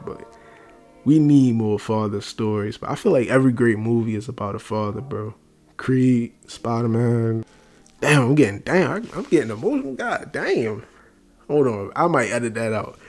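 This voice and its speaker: A man giving casual film commentary at home, talking quietly and rambling, calling the listener "bro" again and again. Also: mid-range voice. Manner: rambling, says "bro" constantly. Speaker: movie reviewer. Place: at home at night.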